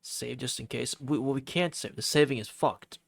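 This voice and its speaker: A male streamer reading a visual novel aloud and reacting casually, animated and swearing freely while he talks to chat. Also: mid-range voice, moderate pace, vocal fry, dry recording.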